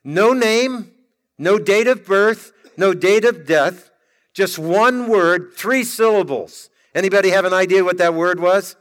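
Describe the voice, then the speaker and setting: Male preacher, high voice, emphatic drawn-out sermon delivery, long reverb of a church hall.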